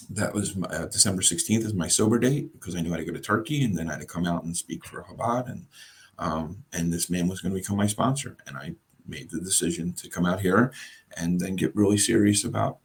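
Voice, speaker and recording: An American man, a guest in an interview, telling a personal story in a halting, emotional way and often repeating words. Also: low-pitched, gravelly, slightly rough. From United States.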